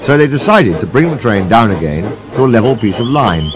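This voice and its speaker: A man narrating a children's storybook in a lively reading. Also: mid-range voice, fairly quick. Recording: narration over music.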